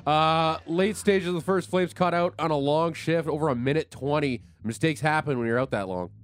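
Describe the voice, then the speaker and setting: A man's voice: fairly high pitch, moderate pace, music in the background. A man hosting a sports radio show, recapping hockey plays in a conversational way with many fillers. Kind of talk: casual sports talk recap.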